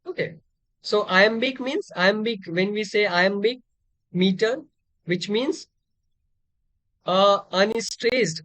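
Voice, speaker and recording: High-voiced man teaching literature. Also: no echo. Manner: explanatory, repeats key terms, many fillers and restarts. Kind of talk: exam-prep lecture.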